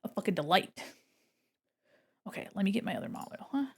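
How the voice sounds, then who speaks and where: Chatty woman streamer with vocal fry. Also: mid-range voice, lively intonation, a little fast, a little mellow. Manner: chatty, thinks aloud and talks to viewers. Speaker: art streamer. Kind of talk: casual chat while drawing. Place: home room by a window.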